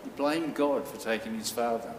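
A man preaching a sermon, telling a story earnestly with dramatic pauses. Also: mid-range voice, slight background noise. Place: church hall. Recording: echoey hall from far off.

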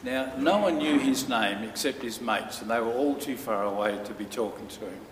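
A man preaching a sermon, telling a story earnestly with dramatic pauses. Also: mid-range voice, slight background noise. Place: church hall. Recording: echoey hall from far off.

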